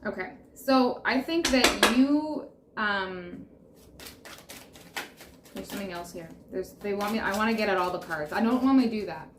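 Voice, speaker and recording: A woman's voice: medium pitch, expressive, normal speed. A woman reading tarot to camera, speaking in a soothing, reassuring way and repeating affirmations. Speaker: tarot reader. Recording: roomy echo with faint background noise.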